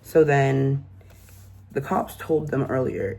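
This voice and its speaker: Gravelly man recapping a true crime case. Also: medium pitch, lively intonation, unhurried, a little mellow, a little hiss or hum. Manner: incredulous, rambling storytelling with many fillers.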